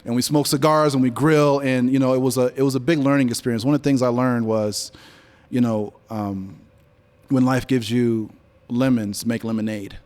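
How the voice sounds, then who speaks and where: A man in his forties tells stories to a live audience in a mid-pitched voice. He speaks in an easy, conversational way on stage and livens up when he quotes others. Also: normal speed. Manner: storytelling, animated when quoting others. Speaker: guest speaker, business leader. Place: event venue before an audience.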